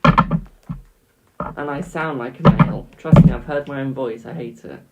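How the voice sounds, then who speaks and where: A man's voice: mid-range voice, unhurried, lo-fi sound, heavy background noise. A young British man doing tarot readings on a live stream, chatting casually and calling viewers "my darling".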